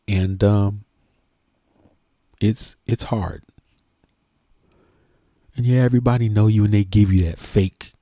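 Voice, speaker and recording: A middle-aged church organist talking earnestly and emotionally to the camera, in a heartfelt, preachy way. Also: male voice, low voice, fairly even intonation, a little slow, creaky, long pauses, mellow, breathy edge, no echo, studio quality. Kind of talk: heartfelt casual talk to camera.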